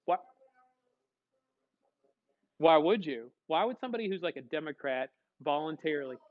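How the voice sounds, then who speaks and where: A man teaching a classroom lecture, lively, acting out short dialogues as he explains. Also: a little high, normal speed, phone-quality sound. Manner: animated, acts out little dialogues.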